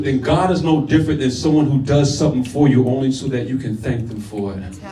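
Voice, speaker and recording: Before a live audience, a man performs spoken word poetry with punchy, declamatory force, speaking casually to the crowd between lines. His voice is medium-pitched and warm, captured far off in an echoey space.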